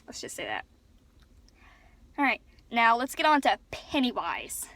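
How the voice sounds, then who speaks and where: Chatty woman vlogger, bright and sharp-toned, rambling excitedly into a phone. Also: on the high side, unhurried, dry recording. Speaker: vlogger reviewing a film. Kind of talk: casual chat. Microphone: phone camera.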